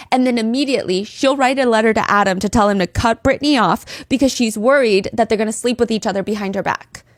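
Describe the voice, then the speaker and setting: A woman's voice: mid-range voice, no room sound. A woman hosting a podcast, telling a true-crime story with blunt, sarcastic commentary into a close mic. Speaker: podcast host.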